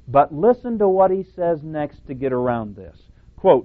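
A man's voice: fairly high pitch, lively intonation, a little slow. Male preacher, emphatic, a bit sarcastic; narrow phone-like sound. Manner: emphatic, sarcastic, quotes and rebuts opponents. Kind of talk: radio Bible teaching. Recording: tinny phone-like audio.

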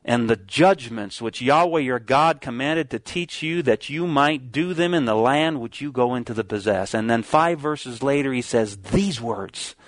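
A man preaching a sermon, reading scripture slowly and stressing key words, with some restarts as he explains. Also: mid-range voice, dry recording.

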